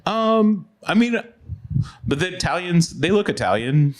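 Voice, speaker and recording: A man's voice: high voice, big pitch swings, measured pace. A man co-hosting a podcast in casual chat, a comedian who rambles and restarts his sentences a lot. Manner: rambling, hesitant with many restarts.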